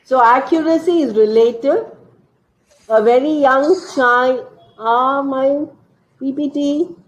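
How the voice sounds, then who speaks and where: A woman with an Indian English accent giving an online teacher training lecture, explaining slowly, stressing key words and quizzing her listeners. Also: high voice. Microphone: computer mic on a video call. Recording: dull lo-fi video call audio.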